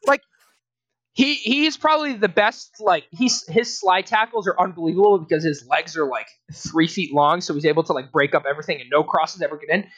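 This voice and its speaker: A man's voice: a little high, a little fast, fairly bright tone, no echo, muffled recording. A young man co-hosting a casual sports podcast, ranting in exasperation, laughing and restarting his sentences. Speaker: podcast co-host.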